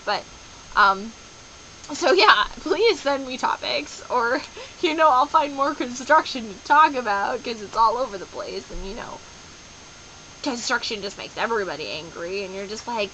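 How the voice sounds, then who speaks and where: A young adult woman chatting in a casual daily video diary, rambling and animated, dropping into playful voices as she tells stories. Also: fairly high pitch, slight background noise, low-quality recording. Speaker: vlogger.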